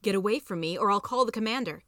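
A woman's voice: medium pitch, fast talker, fairly bright tone, no room sound, studio quality, close to an everyday voice. A woman voicing an erratic, unhinged old woman who is the narrator's mother, in a podcast story reading. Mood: stubborn.

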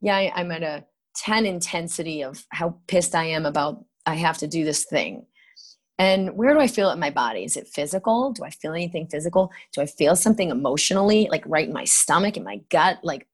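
A woman leading a tapping exercise in a podcast interview, giving soothing step-by-step instructions with lively asides. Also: lowish voice, a little fast. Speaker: practitioner guest. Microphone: podcast microphone.

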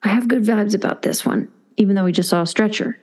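A woman co-hosting a podcast, chatting casually and telling a travel story with lively acted-out voices for the people in it. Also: mid-range voice, quick pace. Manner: animated storyteller acting out quoted voices. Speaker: podcast co-host. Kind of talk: casual chat.

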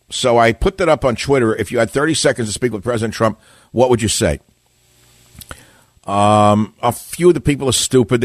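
An older male talk radio host with a low, dry voice, opinionated and combative. He talks to listeners and callers, wandering into side remarks as he goes. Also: no echo. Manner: combative, opinionated, rambling asides. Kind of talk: talk radio monologue and call-in.

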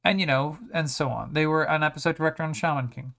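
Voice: medium pitch, fast talker, creaky, fairly bright tone. An anime reviewer talking casually, rambling with many restarts and sarcastic asides.

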